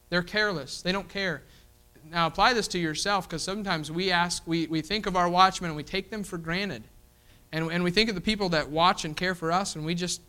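A man's voice: high voice, fairly even intonation, normal speed, bright, forceful tone, clear, resonant tone, poor audio. A man preaching a sermon to his church, emphatic and repetitive, often asking the congregation "you know what?". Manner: emphatic, repeating "you know what?" as a hook and acting out quoted voices.

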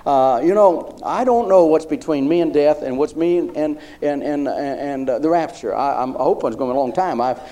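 A male pastor preaching a sermon, repeating phrases emphatically and rising into loud declarations. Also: a little high, moderate pace, few pauses.

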